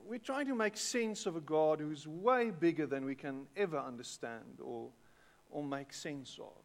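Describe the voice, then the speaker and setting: Speaking a little slowly in a fairly high voice with vocal fry, a South African English-accented pastor delivers a sermon. He talks with his congregation and repeats words often, and the recording echoes with the long reverb of the church hall.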